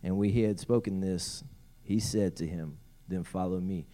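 Lively pastor reading scripture in a sermon. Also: male voice, sits low, normal speed. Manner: reads scripture aloud, breaks in with playful asides.

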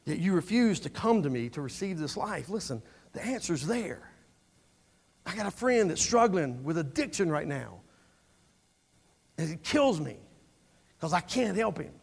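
A man's voice: a little high, big pitch swings, normal speed, creaky, long pauses, slightly rough. A man preaches in a church. His delivery is earnest and conversational. He often doubles back on words as he builds his points. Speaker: pastor. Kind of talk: sermon.

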